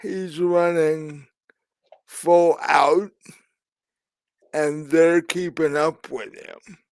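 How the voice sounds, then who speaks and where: A man's voice: a little high, fairly even intonation, drawn-out words, gravelly, dry recording. A man narrating as game master of a tabletop game, hesitant with many fillers and restarts.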